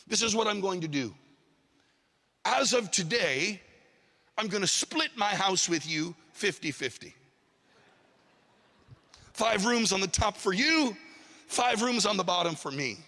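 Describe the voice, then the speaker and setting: A whiny, desperate man , as a preacher acts him out, begging and bargaining in a strained, very high voice that keeps tipping into shouts. His bright, tense tone rings through a long hall reverb. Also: lively intonation, unhurried, long pauses, exaggerated voice. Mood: pleading.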